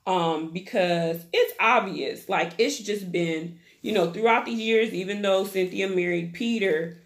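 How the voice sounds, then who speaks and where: A woman talks through a reality-TV episode like she's gossiping with a friend, full of slang and asides. She takes her time, and her voice keeps sinking into a rough, crackly fry. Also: medium pitch, a little slow. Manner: chatty, gossipy, slangy storytelling. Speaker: YouTube TV recap host. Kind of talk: casual reality-TV recap chat.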